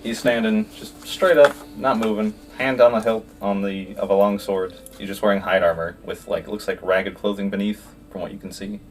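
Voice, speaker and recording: A man's voice: lowish voice, steady tone, normal speed, hardly any pauses. A man player describing his character hesitantly, with many fillers. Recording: distant from mic.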